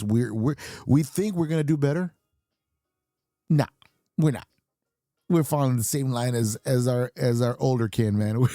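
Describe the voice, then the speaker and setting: Speaking in a dark, mid-range voice, a fifties-aged man rants bluntly on his podcast, cursing freely and laughing at what he says. The recording is studio quality with no audible room sound.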